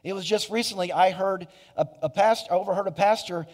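A high-pitched man preaches fairly quickly to his congregation in a church sanctuary, the sound echoing with hall reverb. As a pastor he is earnest, frequently starting sentences over, tossing in asides and repeating "you know."

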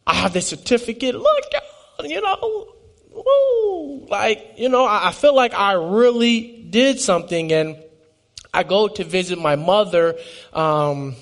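A man's voice: high voice, moderate pace. A man in his twenties giving an emotional personal testimony, earnest and stumbling over restarts. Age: 20s.

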